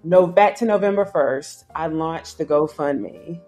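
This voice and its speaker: A woman, telling an animated story as an interview guest and acting out other people's voices. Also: low-pitched, a little slow, soft background music. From South Carolina, US. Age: 30s. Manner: acts out quoted voices, slangy and emphatic. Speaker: guest filmmaker. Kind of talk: animated storytelling in casual chat.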